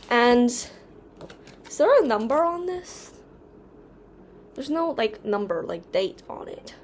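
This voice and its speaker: An American woman rambles through a casual vlog at home, her voice sitting a little high. She wanders from topic to topic, pausing to clear her throat, with a faint hiss in the background. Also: expressive. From United States. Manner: rambling and distracted, with an odd put-on accent. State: occasional coughing and throat clearing. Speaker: vlogger.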